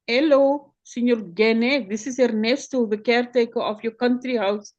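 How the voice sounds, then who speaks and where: A woman's voice: on the high side, steady tone, normal speed, a little mellow, muffled recording, lightly acted. A woman doing a stammering male caretaker. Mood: hesitant. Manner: hesitant, stammering. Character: flustered male caretaker, apologetic.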